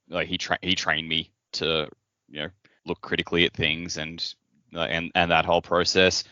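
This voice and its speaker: A man's voice: low-pitched, steady tone, moderate pace, sharp tone, no echo. A man on a podcast retelling a scene in a rambling, hesitant way. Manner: rambling retelling full of fillers and restarts. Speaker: podcast co-host. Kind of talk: casual chat. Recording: dull, slightly lo-fi podcast audio.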